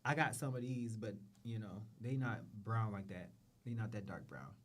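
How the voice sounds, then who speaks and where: This is a show host, a man with a lowish voice talking at normal speed. He gives casual, profane commentary on runway looks, repeating phrases and letting his sentences trail off.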